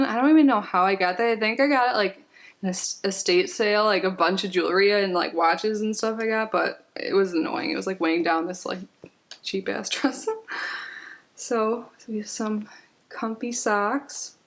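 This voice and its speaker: A woman's voice: medium pitch, moderate pace. A woman vlogger sitting on the floor at home, chatting casually as she unboxes a package, rambling and giggling with lots of "like"s.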